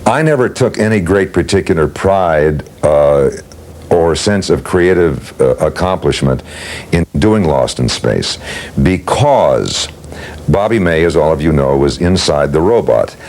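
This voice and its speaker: A man's voice: very deep voice, animated, a little slow, darkish tone. An older man telling anecdotes about his voice work in an interview, at an easy storyteller's pace. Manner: leisurely anecdotal telling, acts out quotes. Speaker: interviewee recalling work as a voice actor.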